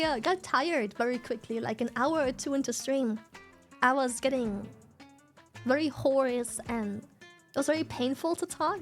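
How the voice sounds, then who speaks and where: A young woman streaming while sick, chatting candidly and swearing freely as she explains her voice. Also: sits high. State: sick, slightly hoarse. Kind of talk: casual stream chat.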